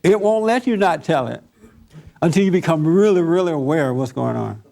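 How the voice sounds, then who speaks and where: A man giving a Sunday sermon as a relaxed, chatty storyteller. His voice sits a little high for a man, and he turns to his listeners and laughs at his own anecdotes as he goes. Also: fairly quick, gravelly. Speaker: pastor leading a Sunday service.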